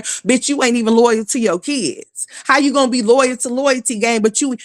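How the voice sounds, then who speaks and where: A woman with a slightly high, fairly bright voice hosts a livestream full of ranting gossip commentary. Her rant is blunt, scornful and profane, and she greets chat viewers by name as she goes.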